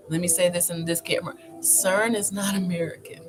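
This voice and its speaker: A woman's voice: fairly low pitch, brisk, hardly any pauses. Chatty woman vlogger over background music. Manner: chatty, animated, laughs often. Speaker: wellness vlogger. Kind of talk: casual talk to camera. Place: indoor filming setup with two cameras. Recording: clear music playing behind.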